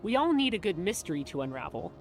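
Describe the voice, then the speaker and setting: A woman's voice: on the low side, very animated, fast, faint music behind. A woman giving polished, upbeat scripted narration as a showcase announcer.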